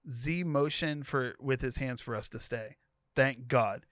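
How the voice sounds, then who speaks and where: A man's voice: medium pitch, unhurried, no echo, clean studio sound. A podcast co-host reading a wild tweet thread aloud, laughing as he goes and giving each character's lines a voice. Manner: animated storytelling, laughing between lines.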